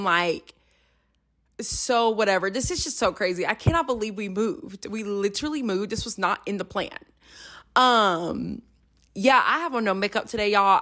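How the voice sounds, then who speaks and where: A woman's voice: medium pitch, pushed and bright. Girl rambling on her podcast, says y'all a ton, phone mic, light music under it. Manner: chatty and scattered, says y'all a lot. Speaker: podcast host. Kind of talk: casual faith podcast chat. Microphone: phone microphone.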